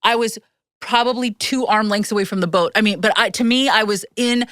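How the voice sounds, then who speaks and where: A woman's voice: a little high, fairly quick, a bit bright, no room sound, clean studio sound. A woman in her thirties hosting a podcast, telling stories animatedly and acting out the voices she quotes. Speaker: podcast host. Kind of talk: casual chat.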